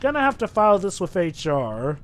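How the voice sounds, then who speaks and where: A man's voice: high voice, sing-song, a little fast, slight background noise. A man co-hosting a let's play, joking sardonically in casual banter. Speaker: co-host. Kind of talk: casual banter over gameplay.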